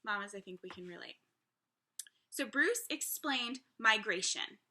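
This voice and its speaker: Preschool teacher, woman, storytime read-aloud; bright, animated, chatty with kids. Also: medium pitch, unhurried. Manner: chatty asides to young listeners. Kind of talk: picture-book read-aloud.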